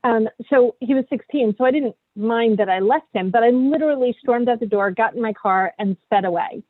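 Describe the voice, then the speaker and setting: A woman's voice: on the high side, fairly quick, dry recording, narrow, tinny audio. A middle-aged woman, a parenting coach, leading a workshop in a candid, coaching way, often checking in with "right?".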